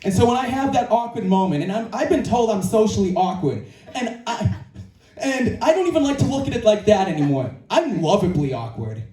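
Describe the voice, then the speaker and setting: Man, very high voice, mellow tone, earnest emphatic motivational talk, live event speaker, echoey room heard from a distance. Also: sing-song, a little fast. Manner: earnest and emphatic, repeats key phrases. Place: indoor creative venue, live audience. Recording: echoey room from far off, faint music.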